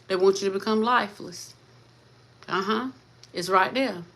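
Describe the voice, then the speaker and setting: A woman's voice: medium pitch, normal speed, a bit bright. A woman hosting a faith-based motivational talk, speaking fervently, repeating her lines and calling listeners "sis" and "baby". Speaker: host of a motivational channel.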